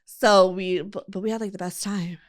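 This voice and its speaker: A woman's voice: mid-range voice, fairly even intonation, moderate pace. Chatty woman telling a podcast story. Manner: chatty storyteller, lots of fillers and quoting friends. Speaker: podcast host. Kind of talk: casual chat.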